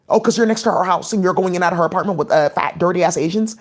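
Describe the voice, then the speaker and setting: A woman's voice: on the low side, racing, hardly any pauses. A woman talking in a rambling, scattered monologue as a vlogger, with many "like" fillers.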